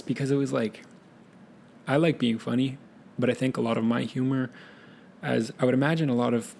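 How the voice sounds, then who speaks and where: Rambling young man with a gravelly voice. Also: medium pitch, slight background noise. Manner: rambling, self-correcting, laid-back. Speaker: podcast host. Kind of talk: casual solo monologue.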